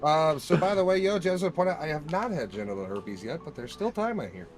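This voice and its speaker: Animated man trading crude jokes. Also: a little high, quick pace, music in the background. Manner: joking, animated and profane. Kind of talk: casual chat.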